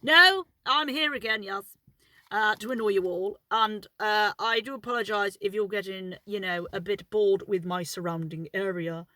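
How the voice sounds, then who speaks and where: A woman's voice: mid-range voice, moderate pace, sharp tone, no room sound, poor audio. A woman telling a story in a casual vlog from inside her car, chatty and rambling, swearing freely. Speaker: vlogger.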